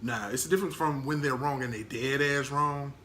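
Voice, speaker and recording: A man giving a casual monologue, blunt and candid, heavy on slang and quick to laugh. His voice sits at an ordinary pitch, with a faint hiss of noise behind it. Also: bright, forceful tone. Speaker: vlogger.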